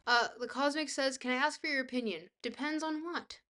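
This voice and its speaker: A woman's voice: sits high, brisk, bright, forceful tone. A woman streaming live, reading out chat messages and thanking viewers in a bubbly, rambling way. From Scotland. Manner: bubbly, thanks chat often, trailing filler words.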